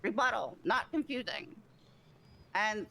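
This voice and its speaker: A woman's voice: medium pitch, lively intonation, measured pace, vocal fry, crowd noise, rough recording. Formal woman playing a prosecutor. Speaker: prosecutor in role-play. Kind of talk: formal role-play courtroom argument.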